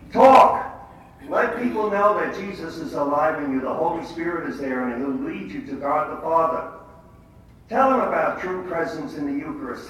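An older man gives a faith talk to a gathered group, telling stories and acting out the dialogue with emphasis. His voice sits a little high for a man. He is heard from a distance in a very echoey hall, with faint noise underneath. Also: a bit bright. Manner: storytelling with quoted dialogue, emphatic. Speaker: lay speaker at a prayer meeting.

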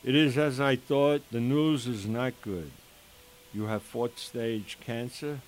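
An older man slowly telling his own emotional story as a father, in an earnest way with quoted dialogue. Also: medium pitch, fairly even intonation. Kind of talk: personal testimony storytelling. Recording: faint hiss behind the voice.

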